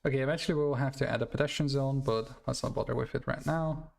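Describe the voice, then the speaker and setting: Brief: male streamer, gravelly mid-pitched voice, loose rambling game commentary. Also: steady tone, quick pace. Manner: rambling, self-correcting, laughs at himself. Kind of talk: casual gameplay commentary.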